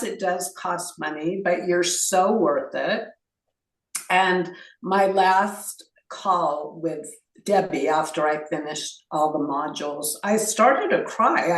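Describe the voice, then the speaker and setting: Slow, earnest woman in an echoey room. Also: fairly low pitch, far from the mic. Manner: earnest and heartfelt, slow-paced. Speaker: interview guest. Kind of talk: interview. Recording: echoey room, away from the mic.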